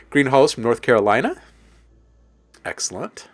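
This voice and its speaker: Speaking slowly in a sing-song, medium-pitched voice, a man hosts a relaxed music-production live stream. As a producer and streamer, he jokes with his audience, reads out what they type, and laughs often.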